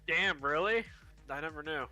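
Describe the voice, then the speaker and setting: A man's voice: a little high, moderate pace, sharp tone, no room sound, faint music behind. A man chatting casually with friends, teasing and cracking jokes. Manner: teasing, wisecracking. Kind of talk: casual group chat.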